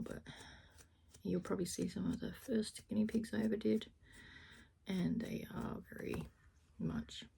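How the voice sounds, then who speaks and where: A woman crafter chatting casually through a felting tutorial, self-deprecating, often dropping into a soft half-whisper. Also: fairly low pitch, vocal fry, husky, low-quality recording. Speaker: crafter demonstrating needle felting.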